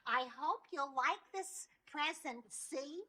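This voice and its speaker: A woman's voice: high-pitched, slow, bright, forceful tone, heavily acted. An actress playing a sweet, scatterbrained middle-aged mother with a fluttery, sing-song New voice in a sitcom. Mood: tender. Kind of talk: sitcom acting. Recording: old TV tape with studio audience laughter.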